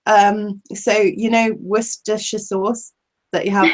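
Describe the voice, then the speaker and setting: A woman's voice: medium pitch, moderate pace. An Englishwoman chatting casually as a live-stream guest, giggling often and rambling in a self-deprecating way. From England.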